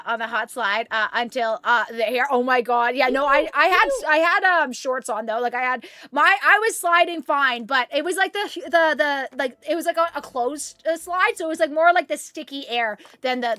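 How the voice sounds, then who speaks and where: Woman streamer, high-pitched, bright and sharp, dry close sound, chatty and rambling. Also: dry recording. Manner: chatty, rambling storytelling with fillers. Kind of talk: casual chat with viewers while gaming.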